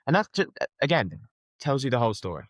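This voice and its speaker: A man's voice: mid-range voice, big pitch swings, fast talker, no room sound. A young man from London, speaking earnestly and emphatically as an interview guest, often restarting his sentences. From London, England. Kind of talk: conversational interview.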